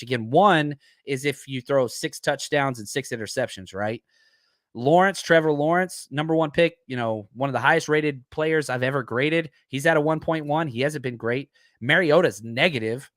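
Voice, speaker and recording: Dude hosting a live sports podcast, kinda high voice, super dry close sound, chatty and all over the place. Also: male voice, dry recording. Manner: chatty and animated, thinking aloud. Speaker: podcast host. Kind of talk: casual live-stream sports talk.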